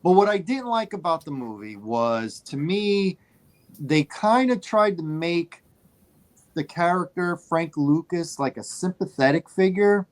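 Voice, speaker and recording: A man co-hosting a casual movie podcast, telling a story in an animated way and repeating phrases for emphasis. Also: on the high side, unhurried. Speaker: podcast co-host.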